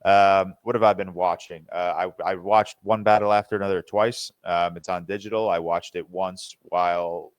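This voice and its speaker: A man's voice: low-pitched, steady tone, moderate pace, few pauses, smooth, no room sound. A young man co-hosting a podcast, talking casually in a rambling way, full of ums and restarts. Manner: rambling, filler-heavy, restarts often. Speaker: podcast co-host. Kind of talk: casual chat.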